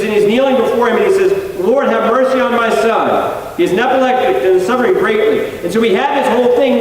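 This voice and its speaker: Guy preaching a sermon, pretty high voice, earnest and chatty, big echoey church heard from far off. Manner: earnest, conversational, with frequent restarts. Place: church sanctuary.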